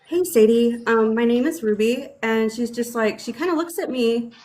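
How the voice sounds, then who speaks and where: A woman author telling an animated story in casual chat on a video call, swearing freely. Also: a little high, normal speed, faint music behind. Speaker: author, interview guest.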